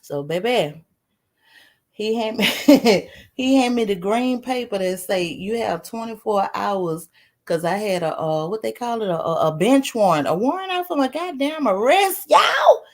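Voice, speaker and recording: A woman livestreaming, casually telling a story to her chat. She is animated, swears freely, laughs as she talks and keeps throwing questions to her viewers. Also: medium pitch, a little slow. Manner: laughs while talking. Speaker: live streamer.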